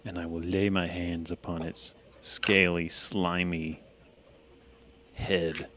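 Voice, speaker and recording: A man's voice: low voice, little pitch movement, takes it slowly, fairly bright tone, slight background noise. A man playing a tabletop game who thinks aloud and narrates his character's moves. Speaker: player. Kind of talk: casual tabletop game play.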